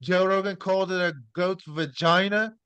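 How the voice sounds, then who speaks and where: A young man hosting a podcast, excitable and blunt, swearing freely as he talks about fighting. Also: sits high, normal speed, smooth, dry recording, highs cut off. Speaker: podcast host. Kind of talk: casual podcast interview.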